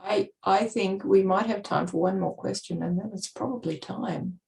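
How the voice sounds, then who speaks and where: A woman moderating a community talk, brisk and lightly joking. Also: mid-range voice, gravelly, a little mellow. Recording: voice from far off the mic.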